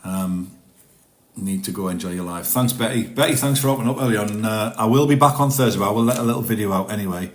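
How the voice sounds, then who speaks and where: A man's voice: lowish voice, fast. Rambling chatty man, roomy room. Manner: chatty, rambling, self-deprecating. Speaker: live streamer. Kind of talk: casual chat on a live stream. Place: his home, indoors.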